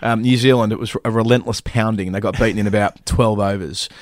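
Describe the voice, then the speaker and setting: A man co-hosting a casual cricket podcast, chatty and quick to laugh. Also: fairly low pitch, fairly even intonation, no room sound, clean studio sound. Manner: chatty, with frequent laughs and restarts. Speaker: podcast co-host.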